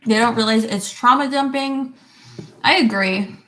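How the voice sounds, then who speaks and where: A woman's voice: on the high side, unhurried, sharp tone. A young adult woman vlogger chatting casually at her desk at home and reacting to viewer comments, with lots of "like" fillers and casual swearing. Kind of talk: casual chat.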